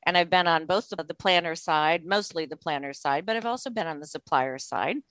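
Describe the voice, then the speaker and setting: Woman, middle-aged, chatty, cheerful, lowish voice, dry sound. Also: fairly quick, fairly bright tone, no echo. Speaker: guest, meeting planner and author. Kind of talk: casual interview talk.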